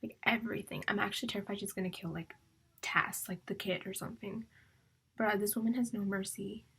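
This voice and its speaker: A young woman chats casually about her reading on a book vlog, rambling and emotional, often dropping to a whisper and leaning heavily on fillers like "like." Her mid-range voice is steady, a little fast, creaky, pushed and bright, and slightly rough.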